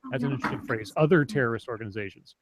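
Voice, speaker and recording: A man's voice: medium pitch, very fast, background noise. A man hosting a casual online talk show, chatting, laughing often and reading news headlines aloud. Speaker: show host. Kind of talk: casual podcast chat.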